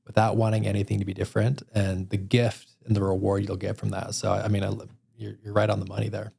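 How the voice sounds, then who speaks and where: A man from Utah hosting a podcast, telling stories in a casual, animated way. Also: lowish voice, fast talker, gravelly, slightly rough. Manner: animated storyteller. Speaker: podcast host. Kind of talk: casual interview chat. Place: podcast studio room.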